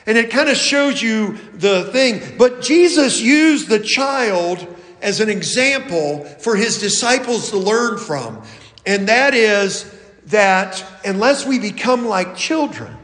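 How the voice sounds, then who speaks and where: A male pastor preaching a sermon in a church, reading scripture slowly and deliberately. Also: high-pitched, lively intonation, a bit bright, reverberant, in a large hall.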